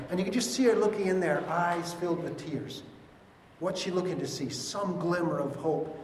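A pastor with a fairly high-pitched voice gives an expressive Easter sermon, taking on the voices of the story's biblical characters for his congregation. The setting is an echoey church hall, recorded from afar, with slight background noise.

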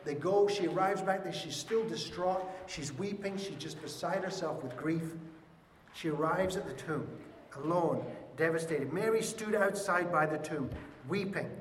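A man's voice: fairly high pitch, moderate pace, a little hiss or hum. A man preaching an Easter sermon to his congregation, talking expressively and acting out the voices of the people in the story. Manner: expressive, acts out voices of biblical figures. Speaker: pastor. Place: church hall. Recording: echoey hall, picked up from a distance.

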